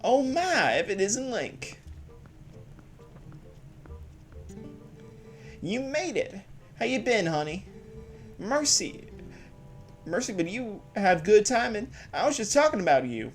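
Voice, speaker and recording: A man voicing a warm, sassy middle-aged barkeep woman who calls everyone honey, in a drawling put-on female voice. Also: a little high, normal speed, soft background music, close to an everyday voice. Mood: motherly.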